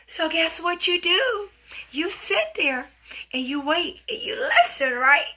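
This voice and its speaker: Brief: woman podcast host, lively swooping delivery, bright tone, acts out voices. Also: very high-pitched, takes it slowly. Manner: animated, acts out dialogue with sound effects. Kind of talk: storytelling relationship advice.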